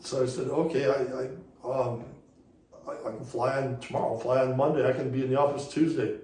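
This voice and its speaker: A man's voice: mid-range voice, little pitch movement, fairly quick, warm tone, reverberant, recorded from a distance, low-quality recording. A man, a guest on an interview show, telling a story casually and rambling, with lots of repeated "he goes" as he retells conversations. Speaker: interview guest, former racing series director.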